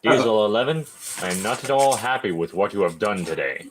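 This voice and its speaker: Man doing a commanding male railway boss, low and clipped, with an unusual tone, storybook tale. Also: lively intonation, fairly quick, a little hiss or hum, lightly acted, poor audio. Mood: stern. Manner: stern, clipped. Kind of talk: storybook reading.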